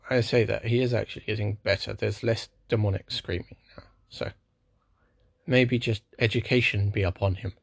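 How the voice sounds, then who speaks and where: A man's voice: lowish voice, darkish tone, breathy edge, no echo. A man giving a casual spoken recap of a wrestling show, with dry, sarcastic asides.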